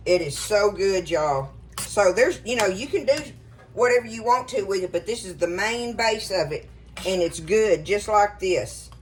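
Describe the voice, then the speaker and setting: A woman's voice: medium pitch, moderate pace, slight background noise. A middle-aged woman, chatting casually to viewers about cooking in her home kitchen. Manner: folksy and chatty, addresses viewers as y'all. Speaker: cooking show host.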